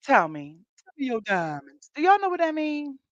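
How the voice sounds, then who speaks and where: A fairly high-voiced woman with tells a story to her podcast listeners, laughing as she acts out what people said. The sound is dull and muffled, with no room echo at all. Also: normal speed. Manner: animated, laughing, acts out quotes. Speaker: podcast host.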